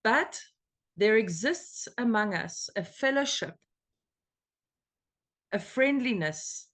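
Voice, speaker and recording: An American woman leading a recovery meeting on a video call, talking in an earnest, emotional and animated way. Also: a little high, slow. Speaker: meeting leader.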